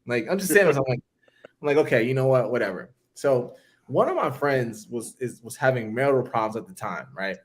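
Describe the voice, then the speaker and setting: A man casually telling a long story on a podcast, acting out what people said with big jumps in his voice. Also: fairly quick. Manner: animated, acts out quotes with big pitch jumps.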